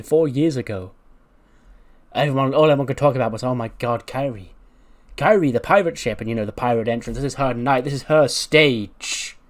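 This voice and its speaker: Brief: scheming female wrestler, a man putting her on, grandiose and measured. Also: medium pitch, natural voice.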